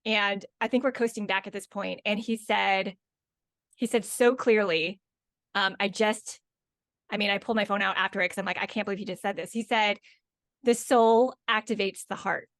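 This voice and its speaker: A woman in her thirties co-hosting a casual podcast, telling expressive stories about her young son. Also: medium pitch, brisk, no echo, studio quality. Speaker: podcast co-host. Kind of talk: casual chat.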